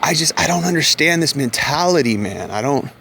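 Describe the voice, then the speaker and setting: A man's voice: on the high side, animated, brisk, gravelly, noisy background. A middle-aged man ranting bluntly to camera, scornful and profane, sometimes mocking the voices of other people. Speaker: commentator.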